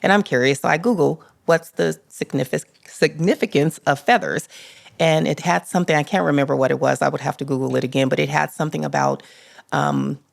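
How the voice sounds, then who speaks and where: A middle-aged woman guest on a podcast, talking earnestly and softly about grief and faith, her sentences trailing off. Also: low-pitched, brisk, vocal fry, dry recording, clean studio sound.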